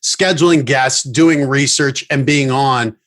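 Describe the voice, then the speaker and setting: A man's voice: medium pitch, slow pace, fairly bright tone. A man who is a comedian and TV host, a guest in a remote casual chat, restarting his sentences with stammers and laughing easily.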